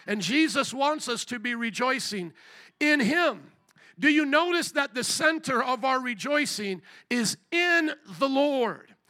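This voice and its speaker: A man's voice: very high voice, sharp tone. A man preaching a sermon at a church service, fervent and repetitive, with rhetorical questions. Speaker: pastor.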